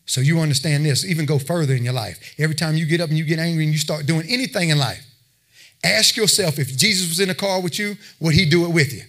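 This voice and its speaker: A man's voice: on the high side, fast, a bit bright. A man preaching a sermon, talking plainly with his listeners and building to emphatic exhortation. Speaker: pastor.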